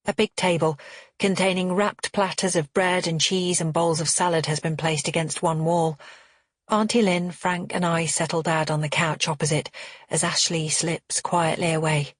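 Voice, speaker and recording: A woman reading a first-person thriller audiobook in an even, measured way. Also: fairly low pitch, dry recording, studio quality. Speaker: audiobook narrator.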